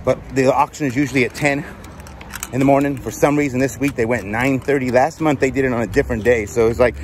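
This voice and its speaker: Male vlog host, mid-pitched, hurried casual chat, outdoor noise behind. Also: steady tone. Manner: hurried, chatty, talking to viewers. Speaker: vlogger host.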